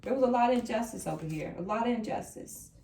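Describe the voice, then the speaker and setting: A woman's voice: a little high, lively intonation, fast, vocal fry, warm tone, far from the mic. A woman giving a casual tarot reading, blunt and slangy, repeating phrases for emphasis. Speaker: tarot reader. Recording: echoey room.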